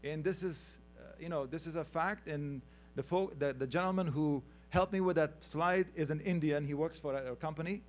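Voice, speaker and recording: A man's voice: a little high, moderate pace, few pauses. Afghan-accented man giving a slide presentation. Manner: conversational, teasing the audience, calls for next slides. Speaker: conference panel speaker.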